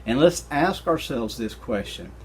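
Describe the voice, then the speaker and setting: A man teaching a recorded Bible study lesson, retelling scripture in an animated, conversational way with casual slang. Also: mid-range voice, measured pace, gravelly, a little hiss or hum.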